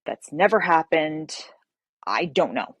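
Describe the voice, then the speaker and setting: Lively low-voiced woman novelist. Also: slow, slightly rough. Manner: animated storyteller, acts out quotes. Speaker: fantasy novelist guest. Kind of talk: casual interview chat.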